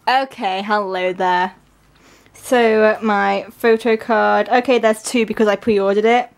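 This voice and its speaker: A woman gushing excitedly through a casual unboxing, her voice strained and giving out. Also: medium pitch, unhurried, creaky. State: voice giving out, coughing. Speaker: K-pop album unboxer.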